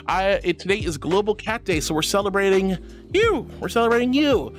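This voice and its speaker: Soft music plays behind this young VTuber as she reads chat messages at a normal pace, her mid-range voice full of lively intonation. She's bubbly and warm, calling her viewers "sweetie" while thanking them.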